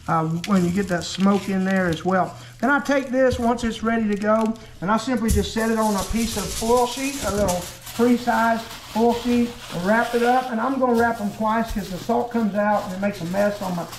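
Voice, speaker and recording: A man's voice: high voice, moderate pace, roomy sound, slight background noise. A man chatting folksily as he demonstrates cooking in his home kitchen, joking as he goes. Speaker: cooking vlogger and preacher.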